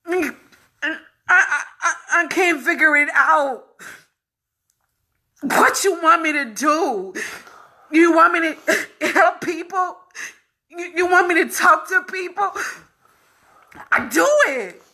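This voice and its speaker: A woman speaking a raw personal testimony, repeating herself and breaking between tears, laughter and shouts of frustration. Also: very high-pitched, expressive, slow pace, gravelly, pauses often. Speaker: vlogger sharing her illness story.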